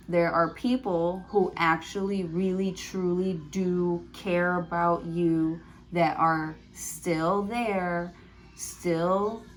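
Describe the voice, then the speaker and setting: A woman's voice: on the low side, slight background noise. Woman rambling through a tarot reading. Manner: rambling, thinking aloud with many fillers. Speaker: tarot reader. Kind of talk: prerecorded tarot card reading.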